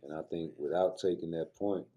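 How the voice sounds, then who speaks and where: Low, dark-voiced man ranting about boxing. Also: steady tone, fairly quick, lo-fi sound. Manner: heated slangy rant, ends phrases with "man". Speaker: vlogger and personal trainer.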